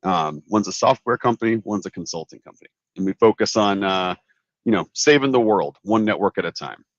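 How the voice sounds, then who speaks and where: A man's voice: fairly low pitch, animated, brisk, no echo. A man co-hosting a casual livestream from his honeymoon, easygoing and rambling with lots of fillers. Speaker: co-host, company owner. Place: outdoors on honeymoon at a beach resort. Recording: dull lo-fi stream audio.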